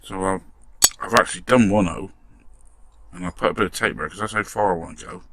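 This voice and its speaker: Man, deep gravelly voice, casual workshop commentary, mutters and swears mildly as he works. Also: brisk, noisy background. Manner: chatty, muttering while working, mild swearing. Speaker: model restoration vlogger.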